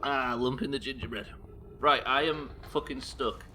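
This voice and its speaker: A young man from the UK commentates live gameplay for his viewers in a mid-range voice that's bright and forceful, with fairly even intonation and a moderate pace. A little hiss or hum sits under his rambling, self-deprecating, casually sweary talk as he reads their messages aloud.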